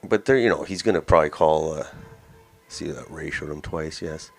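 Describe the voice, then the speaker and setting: Deep-voiced blunt male commentator. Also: moderate pace, gravelly, faint music behind. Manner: blunt, rambling, mocking. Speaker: host of a daily news commentary show. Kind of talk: casual opinion commentary.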